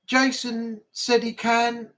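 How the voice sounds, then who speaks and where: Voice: medium pitch, monotone, takes it slowly, a bit bright. A livestream host with a broad northern English accent chatting casually and rambling, often repeating words and using fillers. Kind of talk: casual live chat.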